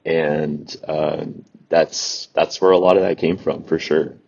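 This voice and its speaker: A man's voice: a bass voice, slow, gravelly, highs cut off, a little hiss or hum. A man, an author, telling a rambling personal anecdote as a podcast guest. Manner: rambling, animated anecdote with restarts. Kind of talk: storytelling in a podcast interview.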